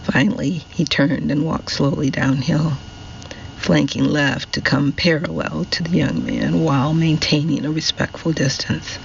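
A man narrating a novel in a measured storytelling manner. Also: fairly high pitch, steady tone, gravelly, muffled recording, slight background noise. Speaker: audiobook narrator. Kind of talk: scripted narration.

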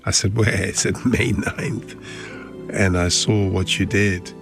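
A man's voice: on the low side, steady tone, takes it slowly, vocal fry, music in the background. A man, earnestly recalling the past in an interview. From Ghana. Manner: reflective, earnest. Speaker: former football club chairman. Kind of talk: interview recollection.

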